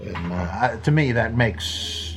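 A man hosting a podcast, talking off the cuff in a slow, rambling way, full of fillers and restarts, now and then acting out quoted lines in playful voices. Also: mid-range voice, lively intonation, fairly bright tone. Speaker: podcast host answering listener questions. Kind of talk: unscripted monologue.

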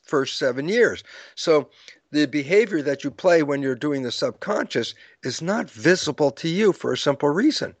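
An older man, his voice sitting in the mid range, explains ideas during an interview with no echo on the recording. He tells stories from his own lectures, acting them out with quoted dialogue and laughing often.

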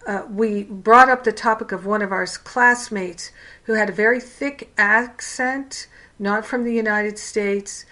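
Slow, candid woman teaching a class. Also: mid-range voice, sharp tone. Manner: candid, storytelling, frank. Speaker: spiritual counseling teacher. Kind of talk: casual class lecture.

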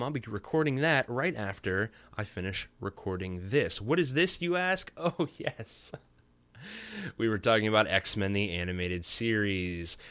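Low, dry-voiced man rambling through a podcast recap. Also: a bit bright, dry recording. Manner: rambling and joking, with frequent fillers. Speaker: podcast host. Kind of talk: casual solo episode recap.

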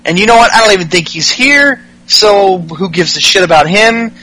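A high-pitched man with a bright, ringing voice runs through a wrestling recap in casual podcast chat. He swears freely and gets worked up, jumping into the wrestlers' lines as he goes. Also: moderate pace, poor audio. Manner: profane, excitable, mimics wrestlers' lines. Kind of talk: casual comedic recap with acted-out quotes.

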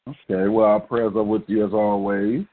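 A man's voice: on the low side, little pitch movement, normal speed. A middle-aged man co-hosting a call-in poetry show, talking in a laid-back, encouraging, slangy way. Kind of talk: casual call-in radio chat. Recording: phone-line call-in audio.

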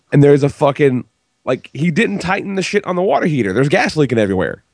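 A man's voice: a little high, sing-song, a little fast, creaky, a little mellow, no echo. A man hosting a podcast, telling a story with a lot of swearing in an exasperated tone. He sounds sick. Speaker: podcast host. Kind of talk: casual chat.

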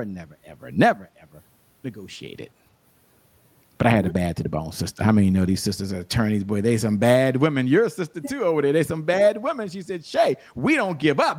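A man speaking as an interview guest, telling animated stories and giving motivational encouragement in a conversational style. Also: medium pitch. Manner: animated storyteller, preachy encouragement. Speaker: guest, show host and sales coach.

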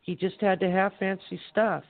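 A man's voice: high-pitched, fairly even intonation, vocal fry, no echo. Man reciting a poem over a phone line. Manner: measured rhyming recital. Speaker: poet reading on air. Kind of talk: poetry reading.

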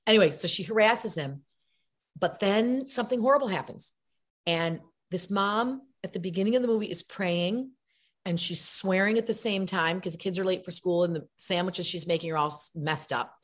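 A middle-aged actress being interviewed, chatting and telling animated stories with acted-out voices. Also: female voice, fairly low pitch, moderate pace. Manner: animated storyteller, acts out voices. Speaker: guest actress. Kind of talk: casual interview chat.

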